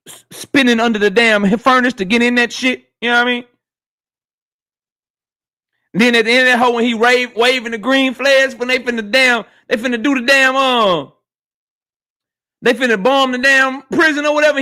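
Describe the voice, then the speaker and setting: High, bright-voiced livestream host. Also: male voice. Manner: slangy, animated, reading and answering chat. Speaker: host of a boxing talk livestream. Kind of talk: casual livestream chat.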